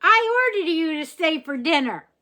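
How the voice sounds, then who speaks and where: A woman voicing an excited young girl who is bossy and playful, in a high, loud voice. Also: moderate pace.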